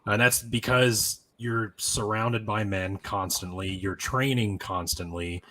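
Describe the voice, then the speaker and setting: A man with a lowish voice, talking in an easygoing way on a panel. He explains slowly, with plenty of ums and uhs. He is relaxed and conversational. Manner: unhurried explainer with fillers. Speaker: panel guest. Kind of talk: casual panel chat.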